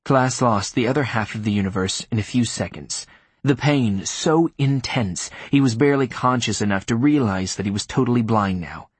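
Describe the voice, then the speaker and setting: A man narrating a thriller audiobook in a steady, measured, grim manner. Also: mid-range voice, husky, no room sound.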